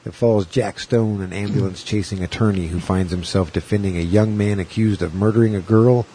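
A man's voice: fairly low pitch, steady tone, brisk, mellow, a little hiss or hum. A man in his forties co-hosting a podcast, rambling and joking in casual chat. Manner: rambling, jokey, drifts into sing-song bits. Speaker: podcast co-host.

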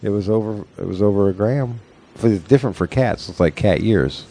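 A man's voice: fairly low pitch, a little fast, warm tone. A man hosting a casual comedy podcast, crude and joking, laughing often as he talks. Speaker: podcast host and stand-up comic.

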